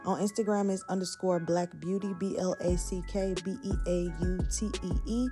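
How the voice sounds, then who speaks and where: Candid young woman podcaster, lowish voice. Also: fairly even intonation, moderate pace, music in the background. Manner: candid, venting, conversational with fillers. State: hiccups. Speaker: podcast host. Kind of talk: casual chat.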